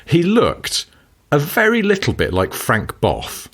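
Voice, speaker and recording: A man's voice: fairly high pitch, wildly swooping pitch, slow, a bit bright. A man co-hosting a podcast, chatting in dry, easygoing banter. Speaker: podcast co-host. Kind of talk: casual chat.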